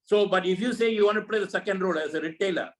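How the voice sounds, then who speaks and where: On a low-quality recording, a man with a high voice races through a network marketing meeting he leads over a video call. His talk is preachy and motivational, packed with repeated rhetorical questions.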